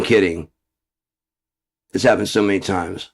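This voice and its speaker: A man's voice: low voice, fairly even intonation, normal speed, a little mellow. A man delivering a profane, ranting monologue straight to camera, swearing constantly and muttering asides under his breath. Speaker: vlogger.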